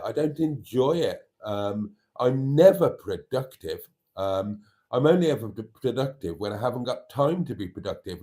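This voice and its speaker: A man's voice: medium pitch, mellow. A man hosting a live stream, chatting in a rambling way and reading viewer comments aloud. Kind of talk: casual live-stream chat.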